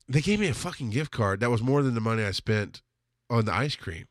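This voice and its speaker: A man's voice: medium pitch, lively intonation, fairly quick, fairly bright tone, no echo, clean studio sound. A man hosting a solo podcast, talking in a blunt, rambling way and swearing freely. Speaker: podcast host.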